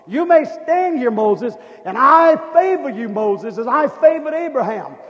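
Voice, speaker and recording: A man with a strikingly high voice preaches a revival sermon with fervor. He hammers on repeated phrases and climbs into shouted questions, and his words ring out in the long reverb of a big hall. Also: big pitch swings, a little slow, highs cut off. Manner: fervent, repetitive, builds to shouted questions.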